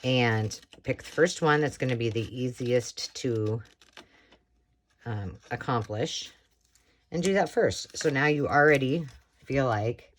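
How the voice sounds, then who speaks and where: Slightly hoarse American woman, middle-aged, rambling craft chat, faint clicks behind. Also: a bass voice, slight background noise. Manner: chatty, rambling, self-talk while working. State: slightly hoarse, frog in throat. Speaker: crafting tutorial host. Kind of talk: casual craft tutorial chat.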